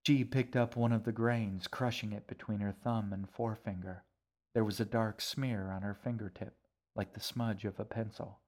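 A man narrating a story as an audiobook in a measured, expressive reading. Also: on the low side. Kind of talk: scripted narration.

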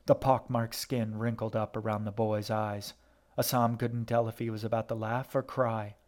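A man reading a story aloud in steady, even scripted narration. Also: on the low side, normal speed.

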